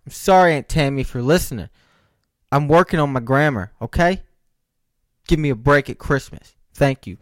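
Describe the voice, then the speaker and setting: A man's voice: on the high side, no room sound, studio quality. A young man hosting a podcast, telling a rambling comic story with joking asides to his listeners. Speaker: podcast host. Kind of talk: casual comedic podcast monologue.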